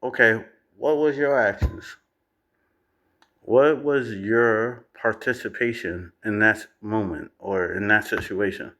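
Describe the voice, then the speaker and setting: A man's voice: lowish voice, slow, a bit bright. A man ranting bluntly and profanely as he reacts to a video clip. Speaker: reaction commentator.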